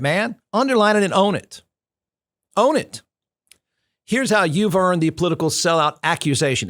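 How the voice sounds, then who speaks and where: In a dry, studio-quality recording, a man from the United States hosts a talk show, his high, somewhat bright voice driving snarky, combative political commentary. He leans on repeated phrases for emphasis.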